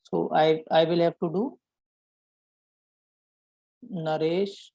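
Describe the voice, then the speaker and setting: Mellow-voiced man teaching code. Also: fairly high pitch, steady tone, slow, gravelly, no room sound, low-quality recording. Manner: explains step by step, often checks in with a "right?". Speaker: programming instructor. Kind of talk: live coding lesson.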